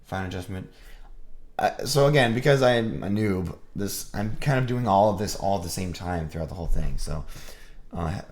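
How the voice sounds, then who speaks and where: A man's voice: deep voice, normal speed, a little mellow. A sick man casually thinking aloud on a live stream about his music, rambling and self-deprecating. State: sick, with a rough voice.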